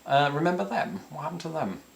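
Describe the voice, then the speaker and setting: This Englishman in his thirties has a fairly high, gravelly voice and talks fast. Hosting a casual Q&A to camera with a British accent, he answers viewers with punning, dry humour aimed at himself.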